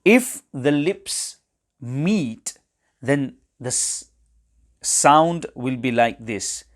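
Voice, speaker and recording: A man's voice: medium pitch, expressive, very slow. A man teaching Quran recitation in an instructional webinar, explaining pronunciation carefully and reciting short examples.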